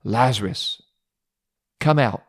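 Brief: calm, authoritative Jesus, solemn commands, read by a male preacher, sermon storytelling. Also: mid-range voice, takes it slowly, breathy edge.

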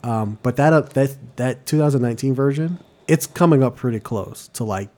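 A man's voice: mid-range voice, moderate pace. A man co-hosting a film podcast, talking casually and animatedly, swearing a lot and acting out scenes in goofy voices. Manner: animated, swearing, acts out movie lines in silly voices. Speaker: podcast co-host. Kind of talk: casual chat.

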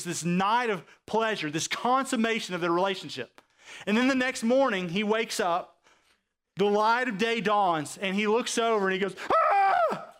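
A male pastor preaching a sermon, acting out quoted characters and often asking his congregation if they understand. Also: sits high. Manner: animated preaching, acts out quoted voices, asks the audience questions.

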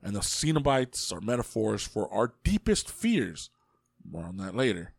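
A man co-hosting a casual podcast chat, profane and animated, often laughing. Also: on the low side, normal speed, vocal fry, breathy edge, dry recording, clean studio sound. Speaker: podcast co-host.

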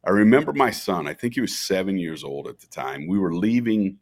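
Very deep voice, middle-aged man, animated storyteller, podcast interview guest. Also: a little fast. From Minnesota, USA. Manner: animated storyteller, acts out quoted dialogue. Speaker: festival founder, podcast guest.

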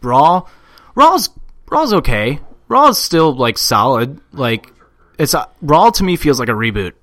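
A man's voice: mid-range voice, very animated, measured pace, a bit bright, no echo. Casual profane man podcasting. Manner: loose, profane, does mock voices. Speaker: podcast co-host. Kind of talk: casual wrestling podcast chat.

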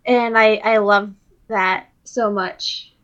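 A woman's voice: mid-range voice, fairly even intonation, slow, fairly bright tone. A woman co-hosting a podcast in casual chat, dropping dry jokey remarks. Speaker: podcast co-host. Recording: dull lo-fi sound.

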